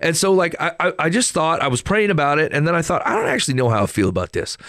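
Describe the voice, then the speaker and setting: A man co-hosting a casual faith podcast, telling stories in a rambling, animated way with many restarts. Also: on the high side, fast, no room sound, clean studio sound. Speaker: podcast co-host.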